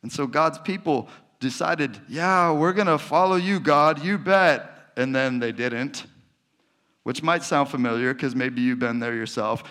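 A man's voice: mid-range voice, clear, resonant tone. A middle-aged man giving a sermon, telling personal stories and acting out the dialogue in them. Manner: animated storyteller acting out dialogue. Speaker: pastor.

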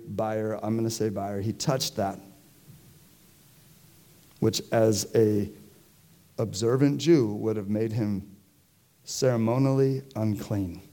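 Slow, mellow-voiced preacher. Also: male voice, medium pitch. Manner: conversational, asks the congregation questions. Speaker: pastor. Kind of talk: sermon. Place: church.

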